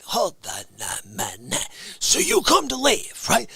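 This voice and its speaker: A middle-aged man hosting a livestream, chatting and ranting comically to viewers, dropping to whispers and jumping to shouts. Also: extremely high pitch, unhurried, vocal fry. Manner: excitable, swings from whispers to shouts; playful comic ranting to the chat. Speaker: livestream host. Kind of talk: animated livestream chat.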